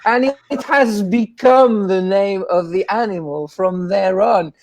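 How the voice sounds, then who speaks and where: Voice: medium pitch, unhurried, a little mellow. A guest in a casual interview, telling rambling anecdotes and acting out the voices of people in the stories. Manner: acts out quoted voices.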